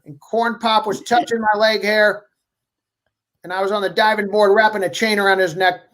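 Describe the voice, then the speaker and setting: Man doing a rambling, halting old politician. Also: high-pitched, flat delivery, a bit bright, pitched above the performer's own voice. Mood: mocking. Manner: halting, stammering repetitions.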